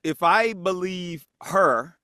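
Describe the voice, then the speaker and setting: Man, podcast guest, casual storytelling, acts out quoted voices, very lively pitch, dry sound. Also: slow, clear, resonant tone, no echo.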